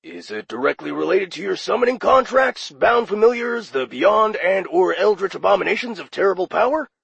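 A man doing a raspy, gravelly demon operator. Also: sits high, expressive, brisk, a bit bright, no room sound, pitched above the performer's own voice, heavily acted. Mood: chummy. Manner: chummy, breezy customer-service patter. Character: friendly raspy male demon phone operator. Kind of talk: audiobook character voice.

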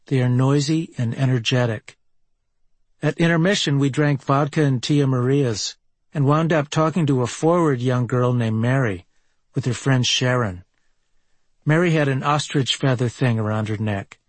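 A man from Minneapolis reading a personal travel memoir aloud in a wry, deadpan delivery. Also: mid-range voice, moderate pace, dry recording. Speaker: memoir narrator.

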